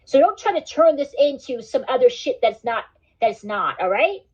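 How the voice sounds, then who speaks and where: A woman's voice: high voice, very animated, normal speed, a little mellow, breathy edge. A woman hosting a casual livestream, rambling and swearing, with "like" and "dude" in most sentences. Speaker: livestream host. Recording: dull lo-fi stream audio.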